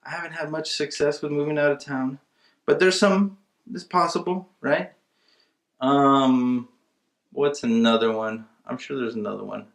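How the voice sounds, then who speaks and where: A man's voice: mid-range voice, fairly even intonation, unhurried, vocal fry. Conversational male webinar instructor, echoey room. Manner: conversational, emphatic, acts out seller dialogue. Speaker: real estate investing instructor. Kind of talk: casual webinar teaching.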